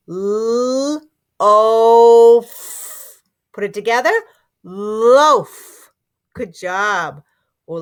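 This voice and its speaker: A woman with a mid-range voice teaches young children a phonics lesson, sounding out words slowly and offering encouragement.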